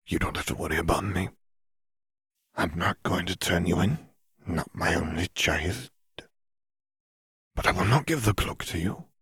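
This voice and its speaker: A man's voice: sits low, steady tone, breathy edge, no room sound, clean studio sound. A man doing a stern, weary old father. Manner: measured, clipped, weary. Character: stern, even-toned elderly father.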